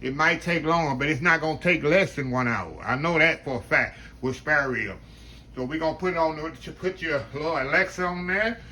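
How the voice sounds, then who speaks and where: Southern country man, homey cooking-video host, chatty y'all delivery, slightly high voice. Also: moderate pace, bright, forceful tone, a little hiss or hum. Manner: folksy, chatty, keeps addressing viewers as y'all. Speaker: home cooking vlogger. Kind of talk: casual cooking demonstration. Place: home kitchen.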